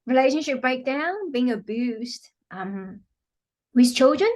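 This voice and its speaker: A woman's voice: high-pitched, lively intonation, slow pace, darkish tone. A woman guest, a healing practitioner, explaining her work earnestly with frequent fillers. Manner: earnest, many "you know" fillers, acts out quotes. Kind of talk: explanatory interview talk.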